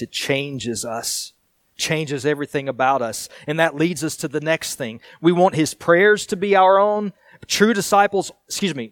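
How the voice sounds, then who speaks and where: A man's voice: a little high, no room sound. Earnest preaching man, dry sound. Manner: earnest, scripture-reading preacher, shifts from raised to hushed. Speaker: pastor. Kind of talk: sermon.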